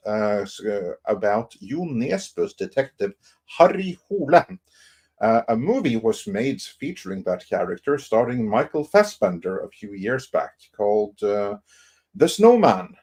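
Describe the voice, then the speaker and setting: Male co-host, casual podcast chat, relaxed and rambling, filler-heavy, ordinary mid pitch. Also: a little slow. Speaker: podcast co-host presenting news.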